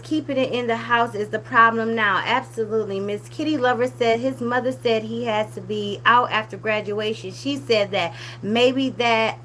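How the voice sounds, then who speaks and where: Bright, scolding woman commentator. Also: on the high side, a little hiss or hum. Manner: animated, scolding, drops to a hushed whisper at times. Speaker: commentary channel host. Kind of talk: casual commentary reading viewer comments.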